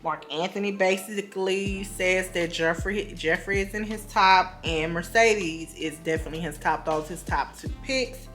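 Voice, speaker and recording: A woman's voice: on the low side, moderate pace, few pauses, fairly bright tone, faint music behind. A woman recapping a reality show in a casual, gossipy way, full of fillers and asides.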